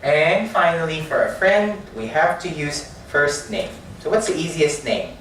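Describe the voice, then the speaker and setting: A man teaching writing to a class, speaking slowly and often asking if they understand. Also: a little high, expressive, fairly bright tone, slight background noise. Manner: slow, repetitive, checks understanding with questions. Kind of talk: classroom lecture. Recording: echoey classroom from far off.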